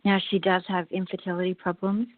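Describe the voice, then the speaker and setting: A woman's voice: fairly low pitch, level tone, a little fast, no room sound. A woman from the UK with a British accent, calling in politely and earnestly with a hesitant question. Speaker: caller. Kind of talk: asking a question on a call-in show. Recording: dry phone-like line.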